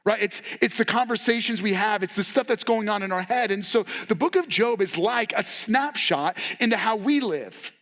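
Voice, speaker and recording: A male pastor preaching a sermon with a notably high-pitched voice. He talks in a casual, candid, conversational way, stepping into quoted lines as he goes. The delivery stays relaxed and direct with his listeners. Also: normal speed, few pauses. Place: church.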